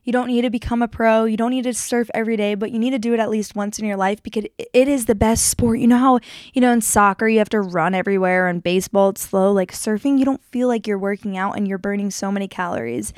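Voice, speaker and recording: A young woman hosting a show, telling a personal story in a casual, animated way and leaping up in pitch when she acts out what people said. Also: fast, smooth, no room sound. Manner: animated, jumps to high pitch acting out quotes. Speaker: podcast host.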